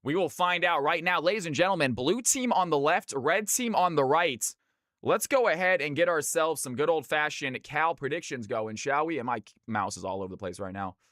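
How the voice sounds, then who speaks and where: Upbeat guy from california casting a game on stream, bright punchy voice, bone dry mic. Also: a little high, lively intonation, moderate pace, no room sound. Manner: upbeat, chatty, talks straight to chat. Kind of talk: live esports play-by-play commentary.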